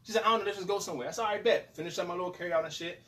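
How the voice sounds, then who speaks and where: A man's voice: high voice, rapid-fire, a bit bright. A young man hosting a podcast, telling a profane story in casual slang and acting out both sides of the dialogue. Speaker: podcast host. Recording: distant mic with faint noise.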